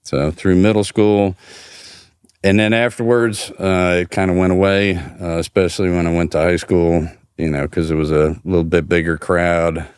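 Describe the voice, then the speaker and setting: Older male podcast guest, deep smooth voice, dry close sound, easy storyteller. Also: level tone, moderate pace, a little mellow, no room sound. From New York. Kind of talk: casual podcast chat.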